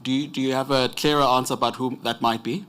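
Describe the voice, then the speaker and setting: A man with a South African accent, cross-examining a witness in a measured, polite way. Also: medium pitch, fairly even intonation, a bit bright, clear, resonant tone. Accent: South African English. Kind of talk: courtroom questioning.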